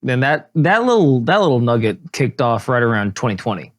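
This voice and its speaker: A man's voice: mid-range voice, a little fast. A man co-hosting a podcast, rambling and joking in casual chat. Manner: rambling, jokey, animated. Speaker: podcast co-host.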